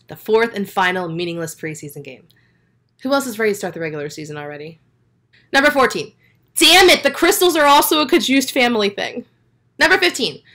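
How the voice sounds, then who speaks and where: Lively, bright-voiced woman sports vlogger. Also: medium pitch. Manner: sarcastic, excitable, swears. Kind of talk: reaction commentary with numbered countdown.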